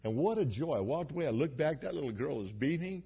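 A man's voice: on the high side, expressive, fast, vocal fry, dark tone, slightly rough. A male preacher giving a sermon to a congregation, telling personal stories in a folksy, humorous way. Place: church before a congregation. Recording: dull lo-fi recording.

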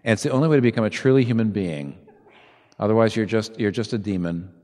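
A man preaching a sermon as pastor, swinging from soft asides to loud, emphatic peaks. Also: lowish voice, fast talker, in a large hall.

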